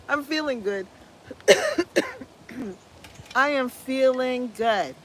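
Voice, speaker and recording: A woman's voice: high voice, expressive, drawn-out words. Scratchy-voiced woman hosting a gardening livestream. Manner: effusive and upbeat, repeats phrases, exclaims hallelujah. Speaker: gardening channel host. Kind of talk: casual livestream chat reading viewer comments.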